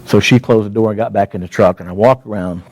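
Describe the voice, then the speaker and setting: A middle-aged man telling a personal story as a motivational speaker, earnest and heartfelt, slowing down with dramatic pauses. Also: fairly low pitch, fairly even intonation, a little mellow.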